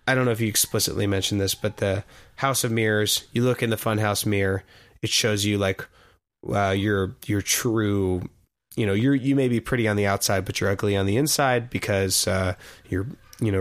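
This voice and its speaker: Low-voiced man rambling on a podcast. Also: normal speed. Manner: rambling, thinks aloud, many fillers and restarts, laughs easily. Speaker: podcast co-host. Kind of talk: casual chat reviewing an album.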